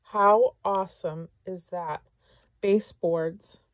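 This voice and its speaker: A woman's voice: on the low side, steady tone, slow pace, dry recording. A woman vlogger opening mail from friends, gushing and effusive and moved to tears as she talks. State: tearful. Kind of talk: casual unboxing chat.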